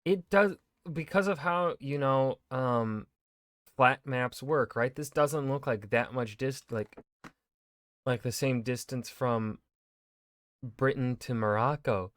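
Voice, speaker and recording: Man, casual reaction commentary, rambling, loose, swears, middle pitch, dry sound. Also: takes it slowly, fairly bright tone, no room sound. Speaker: historian reacting to a video.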